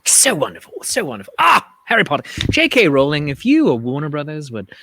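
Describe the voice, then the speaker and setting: A man hosting a casual livestream chat, telling stories in an animated way, acting out other people's voices and gasps. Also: a little high, a little fast. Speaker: host.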